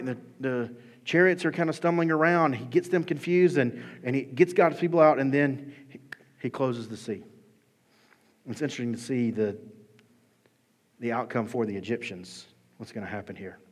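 A man preaching a sermon in a church, conversational and animated, with bursts of emphasis. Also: mid-range voice. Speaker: pastor. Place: church sanctuary. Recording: hall reverb.

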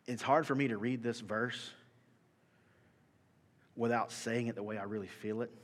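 Pastor guy preaching, bright voice, goes from quiet to yelling, big echoey church hall. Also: mid-range voice. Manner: animated, swings from soft to shouting. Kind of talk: sermon. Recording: long hall reverb.

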